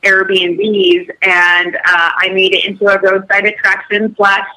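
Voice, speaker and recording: A woman's voice: mid-range voice, level tone, unhurried, a crowd in the background, low-quality recording. A woman guest on a radio show, telling her story in an upbeat, chatty way. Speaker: guest, hotel owner. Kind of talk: radio interview.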